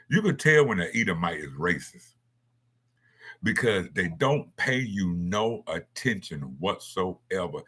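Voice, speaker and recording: A man with a bright, slightly husky voice, speaking off the cuff in a casual monologue. He rambles from point to point, blunt and quick to swear. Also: on the low side.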